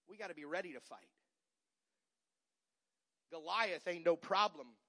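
A middle-aged man preaching a sermon as pastor, moving from quiet talk to shouted, fiery preaching. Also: fairly high pitch. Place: church sanctuary.

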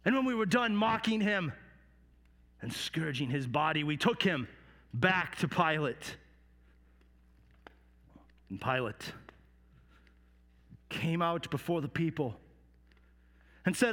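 A man performing a dramatic monologue as a Roman soldier, hushed and halting at times. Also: fairly high pitch, expressive, in a large hall. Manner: storytelling with hushed dips and halting repeats. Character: remorseful Roman soldier telling his story. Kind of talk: dramatic first-person monologue.

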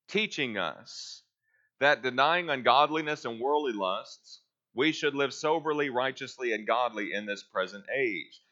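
Man, bible class teacher, tense bright voice, question-and-answer teaching, muffled lo-fi recording. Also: medium pitch. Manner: asks the class questions and answers them himself.

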